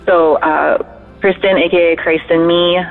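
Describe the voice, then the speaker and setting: Earnest caller praying over a phone line. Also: male voice, fairly high pitch, flat delivery, a little slow, gravelly. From North Dakota. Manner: hesitant, many ums and restarts, earnest. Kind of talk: phoned-in prayer. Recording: phone line with faint music behind.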